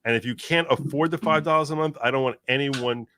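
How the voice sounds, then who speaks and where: A man chatting casually as a guest, animated and rambling, with many restarts. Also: medium pitch, brisk, no room sound. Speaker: guest commentator. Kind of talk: casual chat.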